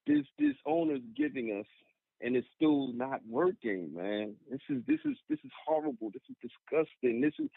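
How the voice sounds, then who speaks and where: A man's voice: a little high, creaky, no echo. A man calling into a sports show, sounding disgusted and laughing in disbelief. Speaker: caller. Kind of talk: call-in phone rant. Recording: tinny phone line.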